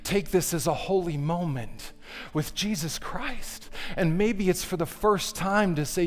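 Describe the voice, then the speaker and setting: Earnest pastor in an echoing hall. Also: male voice, high-pitched, a little slow. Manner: earnest, prays softly, swells to emphatic calls. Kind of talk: sermon with closing prayer. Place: church sanctuary. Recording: long hall reverb with faint music.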